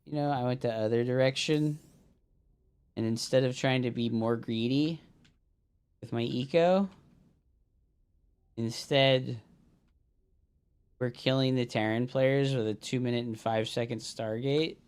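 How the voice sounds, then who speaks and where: A man in the middle of a gaming livestream, talking straight to his chat at an everyday mid pitch. He vents and curses freely, then walks through his strategy step by step in a loose, casual way. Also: steady tone, a little slow, pauses often, a little mellow, clean tone. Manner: frustrated, swearing, explaining strategy to chat. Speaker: streamer. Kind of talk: casual livestream talk over gameplay.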